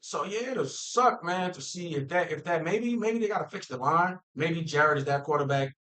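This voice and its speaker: A man with a slightly high, sharp-toned voice vlogs about football at a moderate pace, sounding animated. Over a rough recording, he rants casually to viewers, repeating himself and emphatically restarting phrases.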